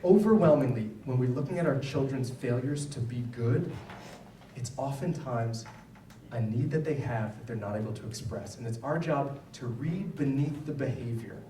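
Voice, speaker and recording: In a school event hall, a male psychologist talks to parents in a conversational public lecture full of personal stories, frequently asking "right?". He speaks at a moderate pace in a mid-range, expressive, warm voice. The sound is roomy and distant-miked, with faint ambience and a little hiss or hum.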